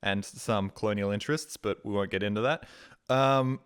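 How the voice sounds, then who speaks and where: A man's voice: moderate pace, clean tone. A young Australian man, a streamer, telling a story in a casual chat and acting out his own reactions. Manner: animated, acts out his own reactions with big jumps in pitch.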